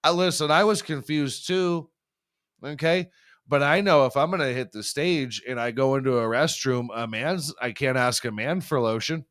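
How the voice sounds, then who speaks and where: A man's voice: medium pitch, moderate pace, a bit bright, clean tone. A young man hosting a podcast, riffing through a crude comedic monologue and laughing at his own jokes. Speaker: podcast host.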